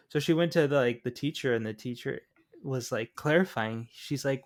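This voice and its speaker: A man's voice: medium pitch, normal speed. A man co-hosting a film podcast, rambling casually with many fillers. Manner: rambling, heavy on "like" and "um". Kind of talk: casual film review chat.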